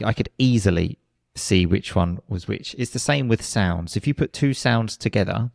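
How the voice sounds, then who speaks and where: A man with a deep, gravelly voice explains pronunciation in an interview. He demonstrates word stress by saying words several ways and often restarts his sentences. The sound is dry and close, with no room echo. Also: darkish tone. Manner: frequent restarts and hesitations. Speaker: English pronunciation teacher, podcast guest.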